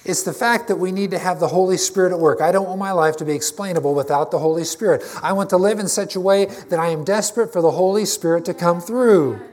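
A man's voice: sits high, fast talker, hardly any pauses, a little mellow. A man preaching a conversational, emphatic sermon to his congregation, often restarting his phrases. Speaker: pastor.

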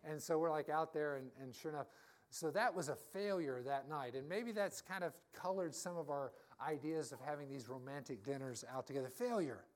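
A man's voice: a little high, fairly quick. A middle-aged man, a pastor, giving a conversational sermon and telling personal stories to his congregation. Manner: storytelling, personal anecdotes.

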